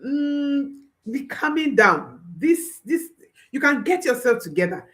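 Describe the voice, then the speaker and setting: A woman coach speaks to parents in an unhurried, deliberate way, her slightly high voice swinging widely up and down. She is emphatic, circling back to repeat key phrases and pausing to check in with a soft "hmm?". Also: very animated. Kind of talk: advice talk to viewers.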